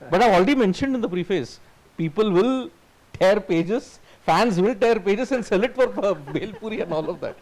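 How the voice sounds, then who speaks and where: A man's voice: sits high, moderate pace, darkish tone, rough recording. A man, joking and rattling off cricket stats in casual panel chat.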